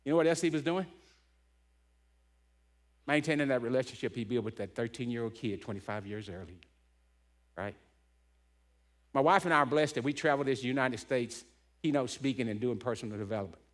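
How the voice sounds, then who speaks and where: A man's voice: medium pitch, a little fast, long pauses. A middle-aged man giving a heartfelt storytelling talk as a keynote speaker, punctuating points with "right?". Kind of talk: emotional storytelling talk to a men's gathering.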